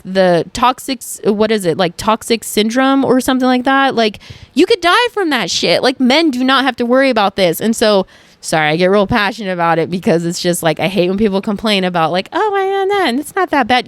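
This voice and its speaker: A young woman hosting her own podcast, talking frankly in a casual solo chat, animated, swearing and full of fillers. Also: fairly high pitch, dry recording. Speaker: podcast host.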